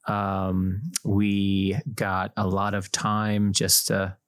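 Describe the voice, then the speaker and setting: A man's voice: low-pitched, monotone, very slow, dry recording, clean studio sound. A young man, a deacon, chatting casually on a podcast, laughing easily with lots of fillers. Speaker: deacon and seminarian, co-host. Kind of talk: casual chat.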